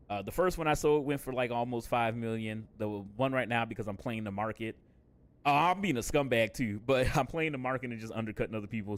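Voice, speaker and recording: A man chatting casually on a game live stream, laid-back and jokey, swearing and laughing often. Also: medium pitch.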